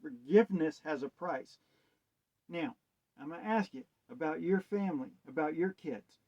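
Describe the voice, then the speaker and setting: A man's voice: a little high, lively intonation, moderate pace, a little mellow, breathy edge. A man giving a rambling, hesitant monologue on wordplay and scripture, asking musing rhetorical questions. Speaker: self-styled preacher. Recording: dull lo-fi sound.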